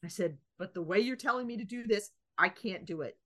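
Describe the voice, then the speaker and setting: A woman's voice: medium pitch, fairly quick. A woman co-hosting a podcast, telling a story in casual chat and acting out both sides of the exchange. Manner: animated anecdote teller, acting out both sides of a dialogue. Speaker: podcast co-host.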